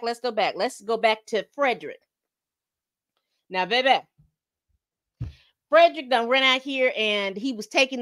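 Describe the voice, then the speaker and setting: A woman hosting a podcast, casually recapping a TV episode, telling it like a story and acting out the characters' lines. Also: fairly high pitch. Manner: animated storytelling, acts out quotes, calls listeners "baby".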